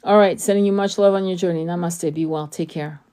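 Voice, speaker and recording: A woman's voice: on the low side, steady tone, brisk, warm tone. Woman host chatting live to viewers; blunt, profane, throat sore and tired, sentences often restarted. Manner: blunt, swears freely, many restarts. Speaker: tarot reader hosting a live stream. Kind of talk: casual livestream chat.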